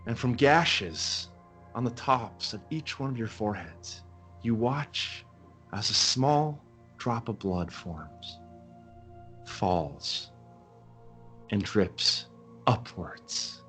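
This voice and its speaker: Man narrating a tabletop game, slow and dramatic. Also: fairly low pitch, animated, fairly bright tone, soft background music. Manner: slow, dramatic storytelling with long pauses. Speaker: game master.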